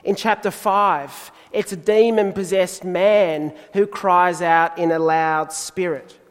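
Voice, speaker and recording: A man preaching a sermon in a measured, deliberate way, pausing for emphasis. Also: sits high, fairly even intonation, long reverb tail.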